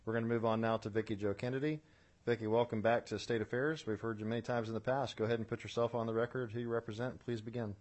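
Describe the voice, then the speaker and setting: A man chairing a public hearing, brisk and procedural, calling on callers in a friendly way. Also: mid-range voice, fairly even intonation, a little mellow. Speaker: committee chair.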